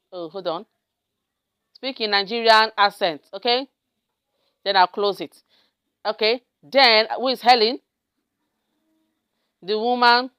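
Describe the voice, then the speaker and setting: A woman with a slightly high, smooth voice hosts a step-by-step software tutorial recorded from her screen, often checking in with viewers. The recording is dry and clean, with a studio sound.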